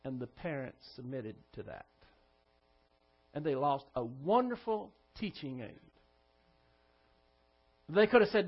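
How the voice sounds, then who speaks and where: A man's voice: mid-range voice, animated, slow, long pauses, husky. A male pastor preaching a sermon, telling a story in a firm, instructive manner. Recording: dull lo-fi church recording.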